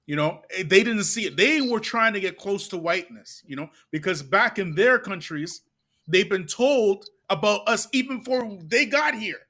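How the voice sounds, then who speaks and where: A man from Canada hosting a channel, telling stories in an animated, chatty way with "you get me" asides. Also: sits high, moderate pace. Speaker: channel host. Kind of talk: casual commentary and storytelling.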